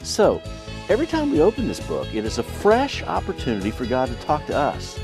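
A man's voice: wildly swooping pitch, a little fast, a little mellow. A man preaching earnestly in a short program opener. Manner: earnest preaching with big swings in pitch. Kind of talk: sermon excerpt in a program opener. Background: music bed.

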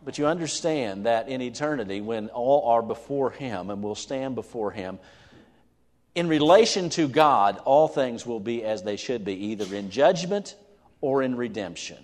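A man's voice: mid-range voice, expressive, moderate pace, darkish tone. A man preaching a sermon. He puts questions to his listeners and reads scripture aloud with rising fervor. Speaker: pastor. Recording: long hall reverb.

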